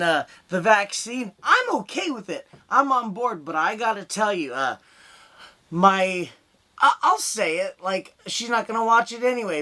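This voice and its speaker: A man's voice: sits high, pushed and bright. A young man doing a stand-up set over a video call, rambling through crude stories. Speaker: stand-up comedian.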